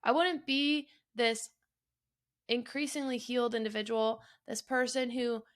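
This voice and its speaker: A woman's voice: fairly high pitch, fairly even intonation, unhurried. A woman hosting her own podcast, talking candidly and emotionally, swearing freely and choking up at times. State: choked up at times. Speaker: podcast host. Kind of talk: personal solo podcast.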